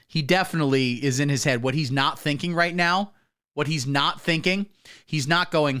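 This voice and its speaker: Male comedy streamer, fairly high voice, swearing mocker who rambles through riffs. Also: moderate pace, fairly bright tone, clear, resonant tone. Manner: profane, rambling, mocking riffs. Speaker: comedy livestream host. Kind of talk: crude comedic reaction commentary.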